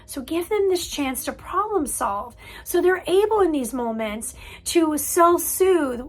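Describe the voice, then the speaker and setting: Woman, mental health counselor, parent-coaching talk, earnest, emphatic repetition, high voice, faint background music. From United States. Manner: earnest and emphatic, repeats key words.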